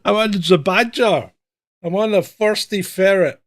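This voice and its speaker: A man's voice: high-pitched, unhurried, a bit bright. A man hosting a comedic livestream, teasing his co-host and laughing often. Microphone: webcam livestream.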